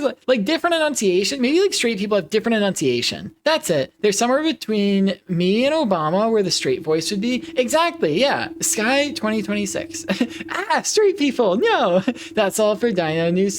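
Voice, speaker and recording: A young adult streamer chats casually over a game, full of giggles and restarts. The voice swoops up and down in a lively, animated way at a middling pitch. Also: a little hiss or hum. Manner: giggly, playful, rambling with many restarts. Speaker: live streamer. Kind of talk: casual live-stream chat while playing.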